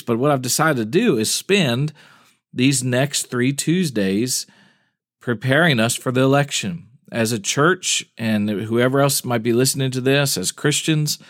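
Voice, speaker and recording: A man's voice: mid-range voice, dry recording, clean studio sound. A male pastor giving a casual weekly podcast update, chatty and informal, with small laughs.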